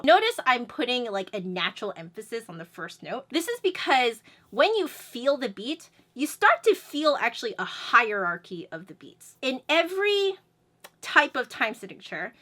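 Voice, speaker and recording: A woman teaching music in an energetic, chatty way, her voice bright and crisp. She sits a little higher than most women and breaks into sung syllables to show the beat. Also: moderate pace. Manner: explains then sings syllables to demonstrate beats. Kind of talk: instructional video lesson.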